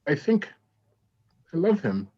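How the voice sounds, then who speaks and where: A hesitant young woman, played by an actor in an improvised stage comedy. She talks sheepishly at a middle pitch. The sound is dull and muffled. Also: big pitch swings, slow, breathy edge, exaggerated voice. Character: young woman fleeing an engagement.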